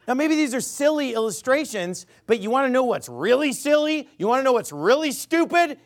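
A man's voice: very high-pitched, lively intonation, normal speed, few pauses. A man preaching a sermon, emphatic, quizzing the crowd with rhetorical questions.

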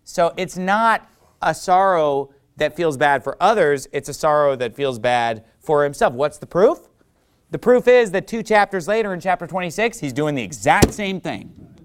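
A man preaching a sermon, who acts out the people he quotes with sudden loud outbursts. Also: fairly high pitch, expressive, moderate pace, smooth.

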